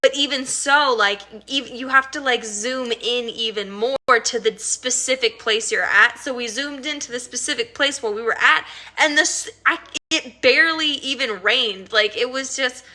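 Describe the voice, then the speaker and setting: A woman's voice: fairly high pitch, moderate pace, hardly any pauses, bright, forceful tone. A woman musician chatting casually on a livestream, rambling through a story, swearing freely and laughing as she reads viewer comments.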